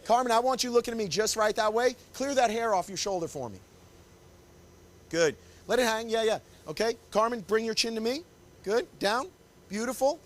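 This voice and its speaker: A man's voice: sits high, lively intonation, normal speed. A man, a wedding photographer, teaching as he poses a couple, upbeat and coaxing while directing them constantly in a small indoor space. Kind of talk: live posing demonstration. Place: confined indoor shooting space.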